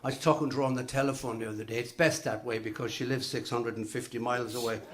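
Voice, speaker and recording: A middle-aged man doing live stand-up comedy, telling quick jokes and slipping into voices for the punchlines. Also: medium pitch, steady tone, a bit bright. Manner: brisk joke-telling, swapping voices for punchlines.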